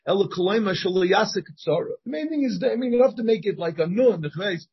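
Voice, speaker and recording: Here a man leads a Talmud class as rabbi, reading the Hebrew and Aramaic aloud and translating line by line while often restarting phrases. He talks fast in a high-pitched, breathy voice with lively intonation. The recording is muffled.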